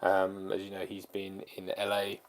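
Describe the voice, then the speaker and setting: A man chats casually on a livestream, his voice sitting a little low. He rambles loosely with plenty of fillers. He sounds a bit lethargic as he catches his viewers up. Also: moderate pace, a little hiss or hum. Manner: relaxed, rambling, many fillers. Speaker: channel co-host.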